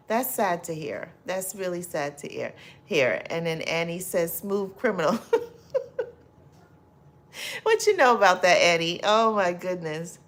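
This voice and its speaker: A middle-aged woman hosting a casual livestream, reading viewer comments aloud, effusive and quick to laugh. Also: lowish voice. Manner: warm, effusive, laughs often and loudly. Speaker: livestream host.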